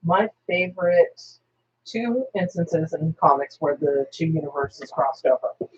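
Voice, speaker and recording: A woman co-hosting a casual roundtable chat, telling stories with lively acted-out lines. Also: deep voice, measured pace, a little hiss or hum. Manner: animated storyteller acting out characters' lines. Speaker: podcast co-host. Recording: dull lo-fi recording.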